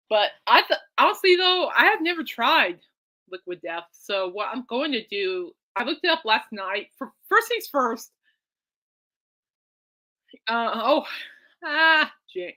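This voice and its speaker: A woman's voice: fairly high pitch, very animated, unhurried, pauses often, pushed and bright. A woman hosting a podcast in casual, rambling chat, giggly and reacting to listener comments. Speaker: podcast host.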